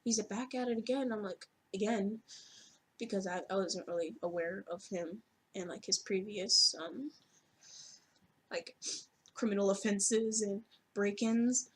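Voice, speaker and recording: A woman's voice: mid-range voice, a little slow, husky. A woman telling a personal story to camera in a casual, rambling way, full of "like" fillers and offhand swearing.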